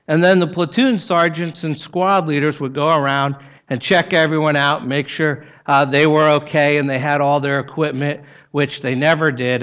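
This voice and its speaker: A middle-aged male pastor preaching a sermon, telling a story in a relaxed, conversational way with touches of dry humor. His voice sits a little high for a man. The recording is somewhat dull and muffled.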